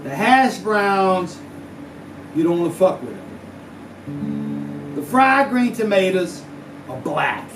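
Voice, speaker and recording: Slow, animated man spinning a tall tale. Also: high voice. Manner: drawling, hyperbolic slang-filled yarn. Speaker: musician telling a story on stage. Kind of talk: live comic storytelling. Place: small house-show venue. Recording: echoey room, far mic, live music. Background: guitar.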